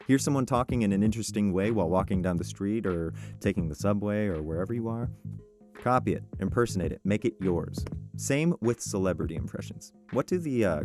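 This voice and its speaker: A man's voice: lowish voice, darkish tone. A voice actor, a man, giving upbeat and encouraging career tips in a casual, conversational way. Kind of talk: casual advice vlog.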